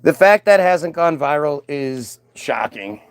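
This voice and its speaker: A man's voice: a little high, expressive, a little slow, clear, resonant tone. A man vlogging in a casual monologue, emphatic and rambling.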